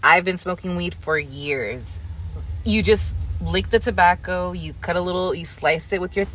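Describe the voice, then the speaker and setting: A young adult woman co-hosting a podcast, telling a story in a casual, animated and profane way. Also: on the low side, normal speed, slight background noise. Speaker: podcast co-host. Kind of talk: casual chat.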